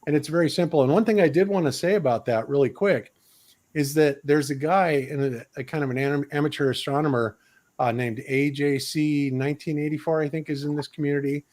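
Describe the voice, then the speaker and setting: A man's voice: fairly high pitch, brisk, darkish tone. A man hosting a casual panel discussion, thinking aloud as he pulls up material to show. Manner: loose, thinking aloud while sharing his screen. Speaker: host.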